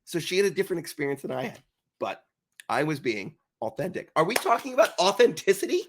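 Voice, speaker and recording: A man's voice: a little high, fast talker, slight background noise. A man co-hosting a business podcast, telling anecdotes in casual chat and acting out the voices of the people in them. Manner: animated, acts out voices in anecdotes. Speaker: podcast co-host.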